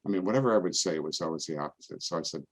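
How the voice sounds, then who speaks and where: An older man, a priest, giving a relaxed, conversational talk full of homely anecdotes and playful voices for the people in them. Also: very deep voice, racing. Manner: folksy storytelling, acts out other people's voices. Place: parish event, indoors.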